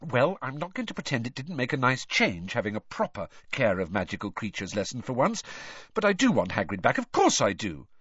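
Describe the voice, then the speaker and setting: A man voicing a teenage schoolgirl, quick and earnest, in a storybook reading. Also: mid-range voice, wildly swooping pitch, fairly bright tone, husky, no room sound, muffled recording, full character voice. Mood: flustered.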